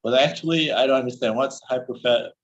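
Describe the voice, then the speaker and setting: Halting male student on a lo-fi call. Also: medium pitch. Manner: halting, searches for words, many restarts. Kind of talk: speaking practice in an online class.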